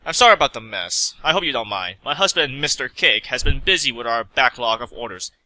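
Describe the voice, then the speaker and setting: A man's voice: medium pitch, expressive, brisk, sharp tone, rough recording. A man reading a fan story aloud, voicing a motherly, cheerful female pony baker in a plain everyday voice. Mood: apologetic.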